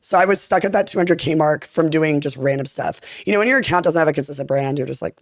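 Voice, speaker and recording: A young woman chatting as a podcast guest, telling stories in an animated way with lots of fillers. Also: low-pitched, no echo, clean studio sound. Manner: animated, rapid talker full of fillers. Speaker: podcast guest, content creator. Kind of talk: casual storytelling chat.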